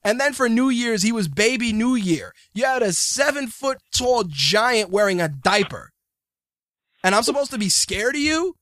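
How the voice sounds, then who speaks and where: A man's voice: very high-pitched, lively intonation, normal speed, a bit bright, no echo, studio quality. A man hosting a podcast, ranting in profane casual banter. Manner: ranting, swearing, mocking. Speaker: podcast host.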